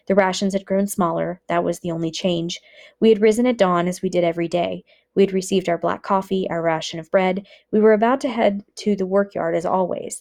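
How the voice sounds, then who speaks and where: Woman reading a book aloud, lowish voice. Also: gravelly, darkish tone. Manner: measured, earnest reading.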